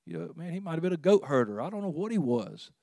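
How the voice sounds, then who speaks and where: A man's voice: big pitch swings, fast, mellow, dry recording, studio quality. Earnest man preaching a sermon. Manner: conversational, earnest, with repeated restarts and sudden rises in pitch and volume. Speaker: pastor.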